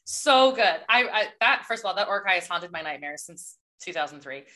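A woman co-hosting a casual book podcast, talking in an animated, chatty way with lots of fillers. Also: fairly low pitch, a little fast. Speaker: podcast co-host.

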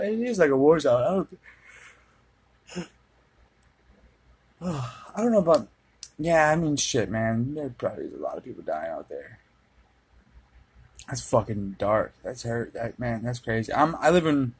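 A man's voice: medium pitch, breathy edge, rough recording. A young man from Minnesota hosting his own podcast, rambling in a laid-back, profane, casual monologue. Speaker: podcast host. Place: dark room at home with a fan running.

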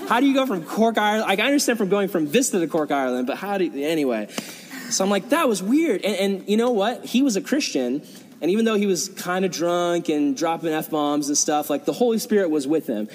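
A young man, a youth pastor, telling a story in a sermon, animated and acting out quotes with casual fillers, in a large hall before an audience. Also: fairly high pitch, fairly quick. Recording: long reverb in a hall.

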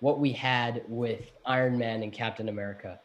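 A man's voice: mid-range voice, fairly even intonation, normal speed, muffled recording. Playful podcast co-host, a man. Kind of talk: casual chat.

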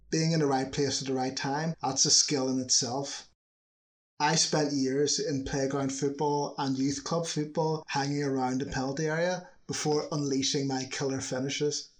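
Male narrator for a football history video; chatty, scripted, dry humor in the asides. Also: mid-range voice.

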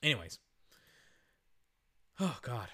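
A man hosting a podcast, passionately ranting about sports in an emphatic, repetitive way, his voice hoarse and worn from shouting. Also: medium pitch, very animated, slow. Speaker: podcast host. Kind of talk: sports opinion rant.

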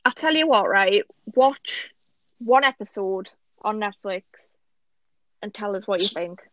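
A woman's voice: mid-range voice, expressive, a little slow, fairly bright tone, no room sound. A woman, co-hosting a podcast and chatting casually, retelling a story with eager restarts. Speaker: podcast co-host. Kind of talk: casual chat.

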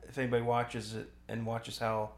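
A man co-hosting a podcast, casually commenting on a film as he watches, talking in halting stops and restarts. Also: medium pitch, monotone, creaky. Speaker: podcast co-host. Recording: roomy echo, faint noise.

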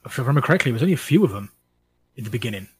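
A man's voice: medium pitch, very animated, rapid-fire, darkish tone, a little hiss or hum, rough recording. A man co-hosting a casual podcast chat, talking through monster matchups with frequent restarts and self-corrections. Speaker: podcast co-host.

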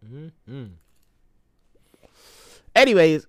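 A young adult man hosting a casual solo podcast, talking in slang and jumping into loud, high voices when he acts out other people. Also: sing-song, drawn-out words. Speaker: podcast host. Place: indoor room.

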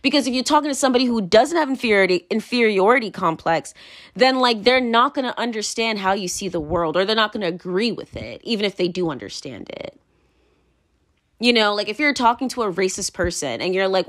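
A woman's voice: mid-range voice, animated, normal speed, fairly bright tone. Rambling, heated woman ranting. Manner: rambling, heated, profane, many "like" fillers. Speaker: vlogger. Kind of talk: unscripted opinion rant.

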